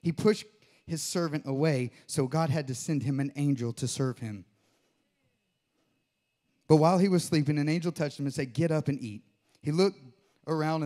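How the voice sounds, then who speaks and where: A man's voice: fairly high pitch, darkish tone. A man preaching a sermon to his church, reading scripture and joking with the congregation. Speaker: pastor.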